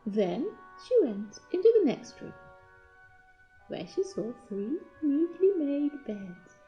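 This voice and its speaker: A woman reads a fairy tale aloud at an unhurried pace, her voice dark and mellow. Her pitch moves in wide, lively swings as she tells the story. The recording is a little dull, with soft music underneath. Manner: slow, lively storytelling with voiced character lines. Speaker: storybook reader.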